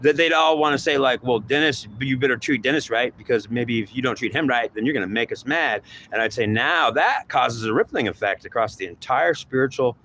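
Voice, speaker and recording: A man's voice: mid-range voice, fairly quick, few pauses, sharp tone. A man talking in a rambling monologue, repeating himself and acting out imagined back-and-forth dialogue.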